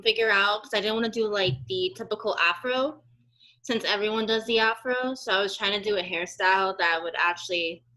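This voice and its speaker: A woman's voice: mid-range voice, sharp tone, rough recording. A woman student presenting her artwork in class, hesitant and full of fillers, over a video call. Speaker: art student.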